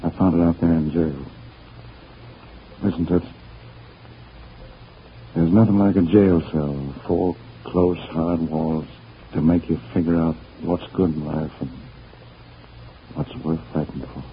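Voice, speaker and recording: Max, a deep-voiced tough guy. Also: steady tone, slow pace, pauses often, a little hiss or hum, heavily acted. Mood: tender. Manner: slangy, plain tough-guy talk. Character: tough-talking man back from jail, tender with his sweetheart. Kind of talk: 1930s radio drama acting. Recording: dull lo-fi old radio recording.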